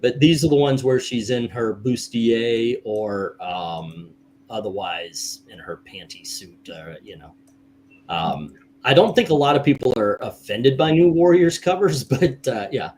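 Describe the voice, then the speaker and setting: A middle-aged man hosting a casual livestream chat, rambling with halting restarts and chuckles. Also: medium pitch, lively intonation, darkish tone. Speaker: host.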